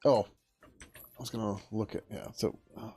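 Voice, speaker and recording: A man hosting a casual livestream as a software developer, talking in a laid-back, rambling way, swearing freely and laughing often. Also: lowish voice, steady tone, measured pace, husky, faint music behind.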